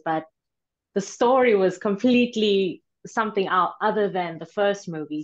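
A South African actress speaking in a measured, earnest way in a video call interview. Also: female voice, on the low side, highs cut off. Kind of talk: casual interview chat.

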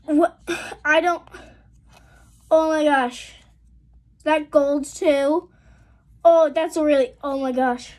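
A woman's voice: high voice, slow pace, pauses often. A woman vlogging a trading card unboxing, reading out card names and exclaiming over the good pulls. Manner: excitable, gasping and exclaiming at pulls; reads card names in a list. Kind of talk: casual unboxing commentary.

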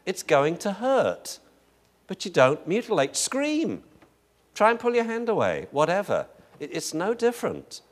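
A man's voice: sits high, huge pitch swings, measured pace. A man teaching a class on dog behavior, telling rambling stories and joking with the room. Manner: jokey, rambling storyteller, laughs often. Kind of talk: lecture with anecdotes.

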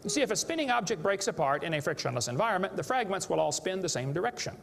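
A man's voice: high-pitched, very animated, quick pace, creaky, a bit bright. A man giving a live seminar lecture to an audience, joking and emphatic as he plays to the crowd. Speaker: creationist speaker. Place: large hall with a live audience. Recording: echoey hall with faint background noise.

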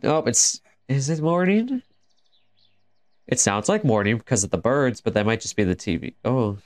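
A man's voice: mid-range voice, expressive, moderate pace, darkish tone. A man commenting as he plays horror games, joking and laughing easily and chatting to the characters on screen. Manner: jokey, laughs easily, talks to the game characters. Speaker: gaming video host. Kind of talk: horror game let's play commentary.

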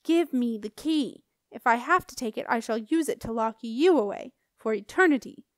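A woman's voice: a little high, lively intonation, moderate pace, no echo, clean studio sound, lightly acted. A woman voicing a cold, commanding female guardian in a storybook reading. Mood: menacing.

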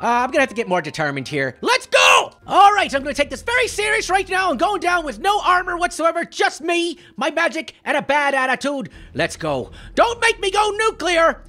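A man voicing a clumsy, short-tempered male leprechaun with a put-on Irish accent, giving boastful, shouty commentary on a game. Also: very high voice, very animated, a little fast, few pauses, exaggerated voice. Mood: excitable. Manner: giddy, boastful, shouty taunting. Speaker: gameplay commentator.

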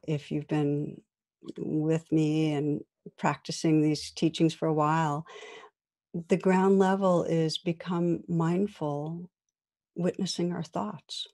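A woman teaches meditation in a soft, unhurried way, leaving reflective pauses between her phrases. Her voice is mellow and warm. She sounds like she is guiding a practice as much as giving a talk. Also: sits low, creaky. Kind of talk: guided meditation and dharma talk.

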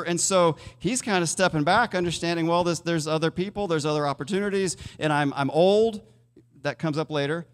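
A pastor with a high-sitting voice preaches conversationally in a church sanctuary, putting questions to the congregation, and his words trail off in a long reverb.

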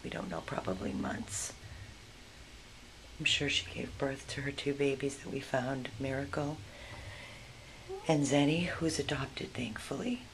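Low-voiced woman cooing to a scared dog. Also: animated, a little slow, pauses often, poor audio. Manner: coos baby talk and soothing whispers at a scared dog. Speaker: dog rescuer. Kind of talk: casual vlog narration and talk to dogs. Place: veterinary clinic indoors. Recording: clear background noise.

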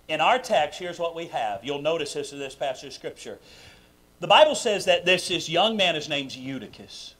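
Man, pastor, high-pitched voice, emphatic sermon, rhetorical questions, loud then quiet, live church service. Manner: swings between loud bursts and quiet low asides.

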